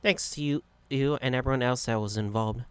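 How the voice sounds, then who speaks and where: A man playing a quiet composed young woman. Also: mid-range voice, a little fast, natural voice. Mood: calm. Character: composed, soft-spoken young woman manager. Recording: loud background noise.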